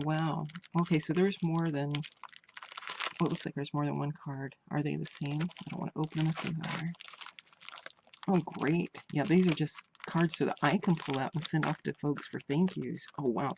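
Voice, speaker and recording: A woman's voice: sits low, creaky, noisy background. A woman vlogger chatting casually while unboxing crafts, gushing and repeating her praise. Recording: dull lo-fi home recording.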